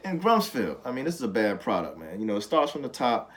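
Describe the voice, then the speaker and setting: A man's voice: medium pitch, very animated, quick pace, fairly bright tone. A man co-hosting a casual sports talk show, frustrated and emphatic, often repeating his points. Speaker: podcast co-host.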